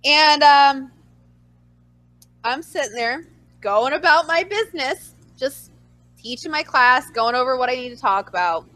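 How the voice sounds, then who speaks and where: A woman's voice: high voice, a little slow, pauses often, dry recording, soft background music. A woman co-hosting a podcast, telling a story in casual chat and acting out the dialogue with animation. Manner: animated, acts out dialogue in her stories. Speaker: podcast co-host.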